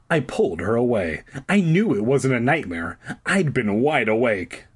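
A man's voice: medium pitch, slightly rough. A man reading a children's horror book aloud, breaking off for crude, sarcastic asides. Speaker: reader.

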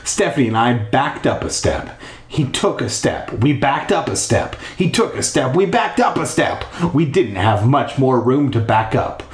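In an echoey bathroom, a man reads a horror storybook aloud from his bathtub, wandering into crude, rambling asides. His mid-range voice is very animated and a little slow.

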